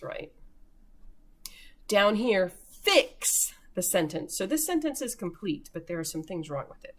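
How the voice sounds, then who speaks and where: A woman teacher giving a recorded remote lesson to young children, slowly sounding out words for early readers. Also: medium pitch, big pitch swings.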